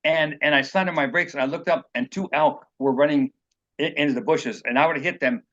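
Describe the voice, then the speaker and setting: This man's voice is a little high, brisk and slightly bright, though the recording is muffled. Interviewed as an author, he rambles earnestly through personal anecdotes, performing the lines others spoke.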